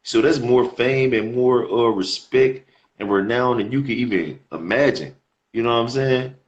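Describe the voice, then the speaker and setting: A man's voice: mid-range voice, moderate pace, highs cut off. A man teaching scripture in a casual, slangy way, reading verses aloud and repeating words as he explains them. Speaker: preacher.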